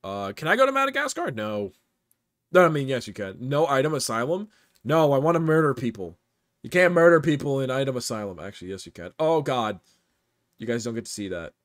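A man's voice: mid-range voice, lively intonation, fairly quick, no echo, clean studio sound. A man streaming a game live with viewers, joking and bantering playfully. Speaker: streamer playing games with viewers.

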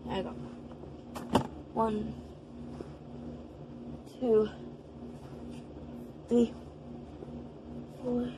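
A woman's voice: on the high side, flat delivery, drawn-out words, pauses often, noisy background. A woman talking casually in a home vlog, counting her exercises aloud and chatting to her dogs. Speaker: vlogger.

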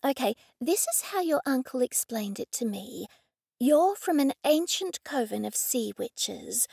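A friendly young witch voiced by a woman reading an audiobook talks in a high, gentle voice. She takes her time and sounds patient and a little pleading. The recording is close and dry. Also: big pitch swings, creaky, husky, no room sound, full character voice. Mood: earnest, gentle. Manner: gentle, slow and pleading, sometimes hushed.

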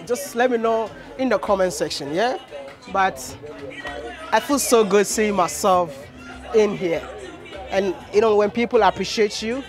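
A young man with a Ghanaian accent, vlogging to camera on a busy street, animated and quick to laugh and joke. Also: high voice. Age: young adult. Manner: animated, laughs often, jokes and teases. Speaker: travel vlogger. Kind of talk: excited casual vlog talk to camera. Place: outdoors on a busy city street with traffic.

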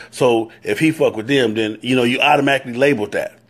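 A man's voice: medium pitch, fast, few pauses, slightly rough. A man with a Southern US accent giving a live-stream talk, preaching on brotherhood and greeting viewers by name as he goes. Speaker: motorcycle club leader.

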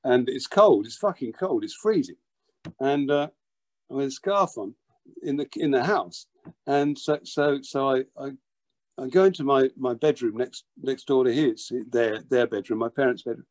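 An older man, telling a childhood story as an interview guest, lively and full of restarts and repeated words. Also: mid-range voice, moderate pace. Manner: animated, repeats words while acting out a story. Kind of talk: anecdotal storytelling.

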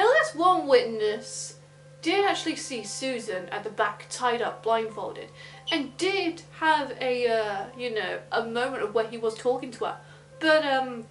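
Woman with a london accent, true crime storyteller, fairly high voice, blunt indignant asides. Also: a bit bright, rough recording.

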